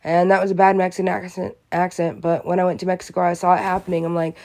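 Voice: medium pitch, level tone, fast, hardly any pauses, a little mellow. A vlogger in a rambling, profane, conspiratorial monologue.

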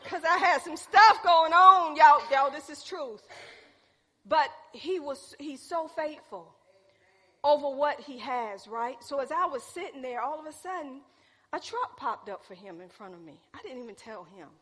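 Woman preaching in a church hall, animated and engaging, high-pitched with a ringing reverb. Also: unhurried. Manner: animated, calls out to the congregation. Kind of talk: sermon with personal storytelling.

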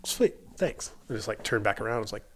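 A man's voice: fairly low pitch, rapid-fire, a little hiss or hum. A man who works as a race mechanic, casually telling a story and acting out what people said, with lots of filler words. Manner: animated, acts out quotes, many filler likes. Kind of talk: casual storytelling in a podcast chat.

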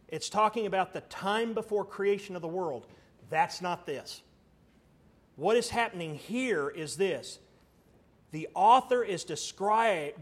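Male pastor, middle-aged, slightly high voice. Teaching sermon with call-and-response questions. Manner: teaching Bible study with questions to the congregation; shifts between quiet asides and emphatic raised lines.

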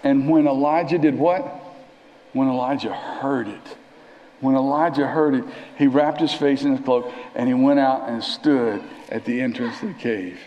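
A man preaching a sermon in a church, conversational and animated, sometimes dropping to a near whisper. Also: mid-range voice, normal speed, lo-fi sound, a little hiss or hum. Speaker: pastor. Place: church sanctuary. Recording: long reverb of a church hall.

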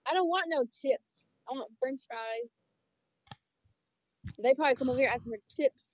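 A woman's voice: high-pitched, moderate pace, no room sound. A woman in casual chat with a friend, giving blunt, joking reactions. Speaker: podcast co-host. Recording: slightly dull lo-fi sound.

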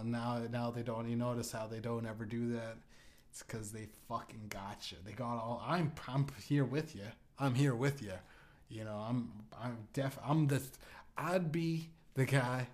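A man's voice: medium pitch, darkish tone. Rambling, profane male podcast host. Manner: rambling, profane, provocative, many restarts. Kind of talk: rambling comedic podcast monologue.

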